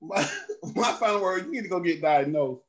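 A man co-hosting a podcast from a basement, teasing the others with laughter and calming the argument. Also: high-pitched, moderate pace. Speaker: podcast co-host. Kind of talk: casual podcast banter.

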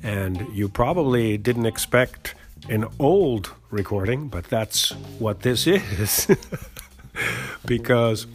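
A man's voice: medium pitch, animated, slow, faint music behind. An American man hosting an English-learning podcast, explaining expressions in a chatty, friendly way. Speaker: English teacher podcast host. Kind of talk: casual English lesson.

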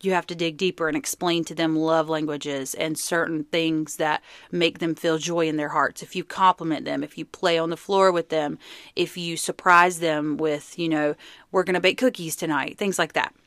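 Low-voiced woman podcaster giving earnest advice. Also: flat delivery, moderate pace, fairly bright tone, clean tone, no echo. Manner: earnest, chatty, conversational. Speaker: podcast host. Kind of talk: casual advice talk.

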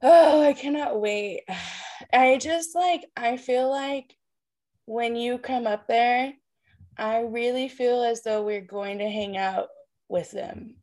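Giggly higher-voiced woman podcaster. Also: slow pace. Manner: giggly, animated, laughs often. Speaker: podcast co-host and tarot reader. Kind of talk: casual chat. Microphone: video call.

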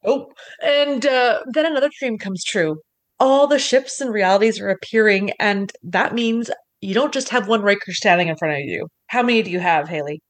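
A woman co-hosting a podcast, chatting playfully through an episode recap with plenty of fillers. She speaks at a middling pitch over a video call. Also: normal speed. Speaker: podcast co-host. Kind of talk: casual chat recapping an episode.

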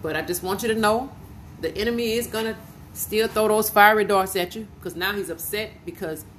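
A woman's voice: medium pitch, a little fast, a bit bright, a little hiss or hum. A woman preacher delivering a fervent prophetic sermon on her podcast, repeating phrases and breaking into hallelujahs while addressing listeners directly. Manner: fervent, repetitive, punctuated with hallelujahs; speaks directly to listeners as "y'all".

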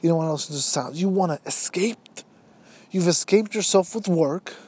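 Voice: mid-range voice, moderate pace, a little mellow, slightly rough. A podcast host giving a motivational monologue, firing rhetorical questions straight at listeners and acting out bits of everyday dialogue. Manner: acts out imagined everyday dialogue.

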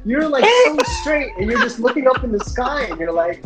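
A speaker retelling a shared memory in a casual chat, animated and quick to laugh. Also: high voice, over loud music, poor audio.

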